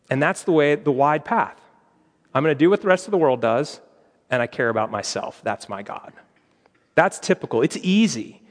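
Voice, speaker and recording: A man's voice: a little high, expressive, moderate pace, in a large hall. A man preaching an earnest sermon, acting out the voices in the stories he tells. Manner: earnest, acts out quoted voices. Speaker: pastor.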